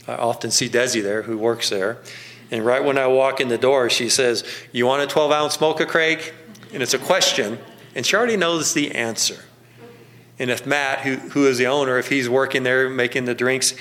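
A male pastor delivering a sermon through down-to-earth local stories. His voice sits at an ordinary middle pitch, and he often chuckles and drags out key words for emphasis. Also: fairly bright tone. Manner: folksy storytelling, slows down for emphasis, chuckles often.

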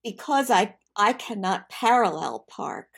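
An older woman chatting as co-host with her son, animated, giggly and emphatic. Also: mid-range voice, unhurried, vocal fry, breathy edge. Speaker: co-host, the host's mother. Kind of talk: casual chat.

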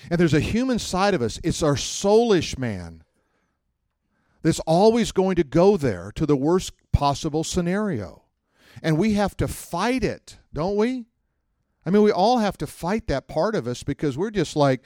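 Animated man teaching a church class. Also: a little high, a little fast, no room sound, studio quality. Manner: animated storytelling, acts out quotes, asks the room questions. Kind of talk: conversational sermon.

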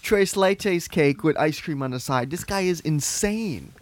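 Brief: young male co-host, slightly high pitch, dry close mic, mocking and exasperated banter. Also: lively intonation, measured pace, no room sound. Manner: teasing, exasperated, swears. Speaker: podcast co-host. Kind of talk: casual chat.

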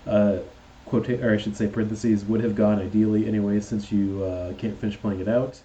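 A man's voice: on the low side, little pitch movement, a little fast, mellow, breathy edge. A man chatting casually as a player and co-host on a podcast, laid-back and joking. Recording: dull lo-fi mic with faint noise.

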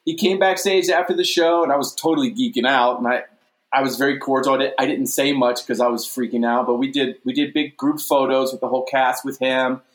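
A man telling a stage story in a casual interview, animated and often repeating "you know what I mean". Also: mid-range voice, a little fast, reverberant. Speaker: guest, stage performer.

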